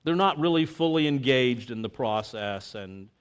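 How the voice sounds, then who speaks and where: In a medium-pitched male voice with a clean tone, a pastor preaches at a normal pace. His sermon is conversational and sprinkled with "you know" and "like," alternating between animated tangents and soft, sincere moments of reflection.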